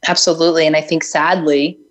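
A woman's voice: sits low, flat delivery, quick pace, low-quality recording. A woman speaking as an interview guest, earnest and reflective, with frequent fillers as she tells her story. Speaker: guest, self-healing author. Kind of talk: conversational interview.

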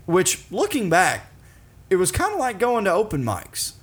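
A man's voice: high-pitched, wildly swooping pitch, normal speed, slightly rough. A man in his thirties hosting a casual podcast, rambling and laughing along with his guest. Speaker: podcast host.

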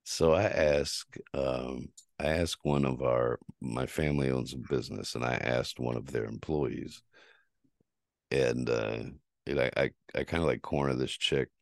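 Very deep-voiced man ranting profanely. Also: a little slow, creaky, no room sound, clean studio sound. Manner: ranting, heavy swearing, quotes himself in dialogue. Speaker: podcast host. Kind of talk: casual profane storytelling.

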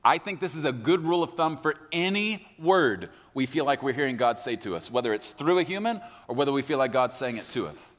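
A male pastor delivering a sermon with a lively, swinging pitch and a mid-range voice. He talks directly to the congregation and keeps calling on them to listen. His words ring out with a long hall reverb. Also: a little fast, few pauses, a little hiss or hum. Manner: animated, addresses the congregation directly.

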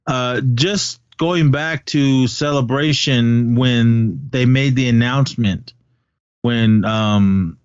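A man's voice: medium pitch, takes it slowly, clear, resonant tone, no echo. A man in his forties co-hosting a casual fan chat, enthusiastic and rambling with many fillers. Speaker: podcast co-host. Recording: dull dry sound.

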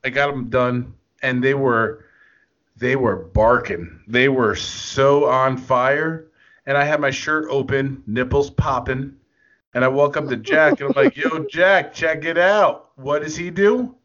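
Male podcast co-host, unhurried crude banter, laughs a lot, muffled lo-fi sound. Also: mid-range voice, a bit bright. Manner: slow, laughing often, loose storytelling. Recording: dull lo-fi podcast audio.

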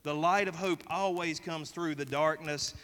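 Man, Southern accent, pastor preaching, bright forceful tone, fairly high voice, long church-hall reverb. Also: steady tone, measured pace. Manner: folksy, joking, polls the congregation. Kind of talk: sermon. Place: church sanctuary.

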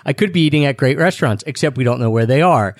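A man's voice: medium pitch, expressive, fast talker, dry recording, clean studio sound. A young man co-hosting a casual travel chat, talking in a rambling, self-deprecating way. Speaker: travel podcast co-host.

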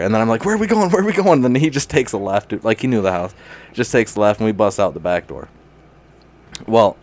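A young man with a fairly low voice tells a story in loose, casual chat. He laughs a lot, swears freely and keeps throwing in "dude." He speaks as a guest catching up with a friend.

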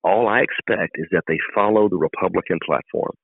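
Middle-aged man, deep and husky, fired up and emphatic, sounds like he's on the phone. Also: a little fast. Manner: fervent, emphatic, repetitive speechmaking. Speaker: political candidate guest. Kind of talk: campaign interview. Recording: dry tinny phone line.

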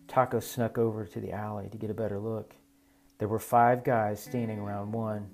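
Guy narrating a story audiobook style, steady, soft guitar in the back. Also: lowish voice, normal speed. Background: soft guitar music.

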